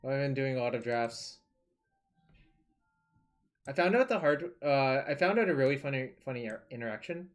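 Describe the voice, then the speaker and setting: A man's voice: mid-range voice, animated, normal speed, long pauses. A man streaming a card game, talking loosely and casually, thinking aloud and swearing now and then. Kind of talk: casual live-stream commentary.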